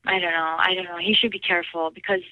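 A woman's voice: fairly low pitch, steady tone, fast talker, dry recording, dull audio. A woman caller chatting casually, rambling and giggling, with lots of fillers. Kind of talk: casual chat.

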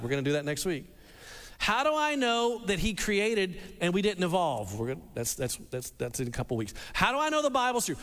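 A man preaching a sermon to a congregation, animated and repeating words as he restarts and acts out quotes. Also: sits high, moderate pace. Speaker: pastor. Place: church hall with a congregation. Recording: long reverb of a large hall.

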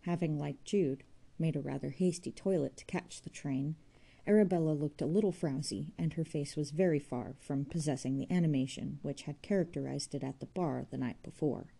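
Low, dark-voiced woman narrator. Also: normal speed, gravelly. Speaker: audiobook narrator. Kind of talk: scripted narration.

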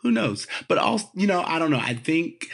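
A man co-hosting a podcast, chatting casually about a sitcom episode, laughing often and acting out characters' lines in a lively voice. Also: on the high side, a little fast, vocal fry, breathy edge. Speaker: podcast co-host.

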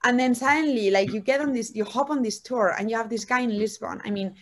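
A woman with a Spanish accent, a venture capital guest talking in a casual interview over a video call, animated and effusive. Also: fairly high pitch, fast talker. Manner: animated, effusive, acts out little dialogues. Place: calling in from home.

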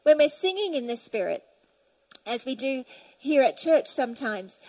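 A woman's voice: sits high, lively intonation, normal speed, darkish tone, rough recording. A woman preaching a sermon in church, fervently reading scripture aloud and telling stories to her congregation.

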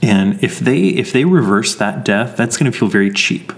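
Blunt, swearing man with a lowish voice. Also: expressive, moderate pace. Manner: blunt, profane ranting. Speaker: podcast co-host. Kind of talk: casual movie review chat.

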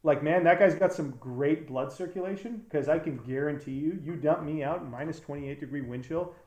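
Man, documentary filmmaker, casual interview, rambling, earnest, lots of fillers, slightly high voice, echoey room. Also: moderate pace, darkish tone. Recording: roomy echo.

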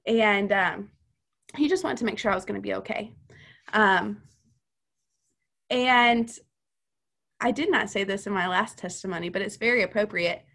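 A woman's voice: mid-range voice, normal speed, creaky, pauses often, fairly bright tone. A woman who is a podcast guest, telling a personal testimony in an earnest, chatty way with many fillers.

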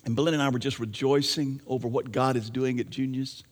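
A man preaching a sermon as pastor, animated, swinging between hushed asides and raised, emphatic lines. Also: medium pitch, quick pace, in a large hall. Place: church.

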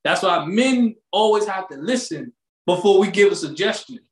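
A man co-hosting a podcast, chatting casually with slangy, animated storytelling. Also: high-pitched, normal speed, reverberant. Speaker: podcast co-host. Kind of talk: casual chat.

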